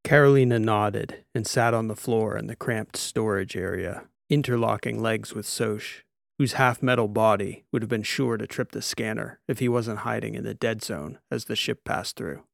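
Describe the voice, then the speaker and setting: A man narrating a sci-fi audiobook in a steady, even storytelling voice. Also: on the low side, normal speed, vocal fry, dry recording, studio quality.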